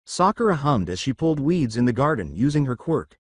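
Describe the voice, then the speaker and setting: A man narrating a fan fiction story with an expressive reading. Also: medium pitch, fairly quick, few pauses, no echo, studio quality.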